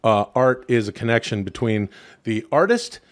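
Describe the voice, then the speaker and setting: A male podcast co-host from Canada talks in a casual chat. He is animated and profane and keeps restarting his sentences, with a pitch in the middle of the male range. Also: normal speed.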